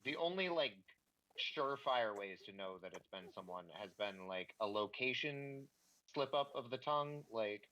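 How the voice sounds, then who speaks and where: A man's voice: medium pitch, lively intonation, moderate pace, sharp tone, poor audio. A young man chatting as a player in a streamed game, thinking aloud and restarting his sentences often. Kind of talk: casual chat while streaming a game.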